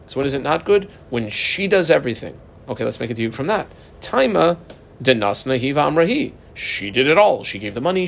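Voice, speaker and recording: A man teaching a Talmud passage line by line, animated and jumping up in pitch for emphasis. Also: vocal fry, slight background noise. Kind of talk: explaining a text line by line.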